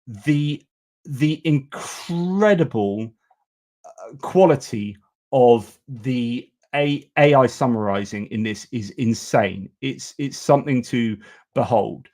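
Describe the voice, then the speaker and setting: A man hosts a live news stream in a loose, talkative way. He gives blunt opinions and often stops to restart his sentences with "um" and "uh". His voice sits at a middle pitch for a man. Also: slow pace, a little mellow. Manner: chatty and opinionated, with frequent fillers and restarts. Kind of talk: casual live-stream commentary.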